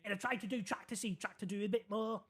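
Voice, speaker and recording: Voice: medium pitch, steady tone, fast, breathy edge, natural voice. A streamer playing a naive, rambling young man, telling a long story in character and checking the listener is keeping up. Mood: earnest rambling. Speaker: roleplay character in a city game.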